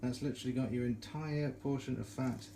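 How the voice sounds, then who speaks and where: A man's voice: medium pitch, fairly even intonation, a little fast, gravelly, warm tone, slight background noise, rough recording. A man hosting a casual cooking and eating vlog, chatty and self-mocking, chuckling often. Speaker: cooking vlogger.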